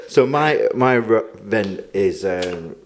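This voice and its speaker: A man co-hosting a podcast, telling stories in an expressive way and quick to laugh. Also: lowish voice, a little hiss or hum. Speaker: podcast co-host. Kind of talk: casual podcast chat.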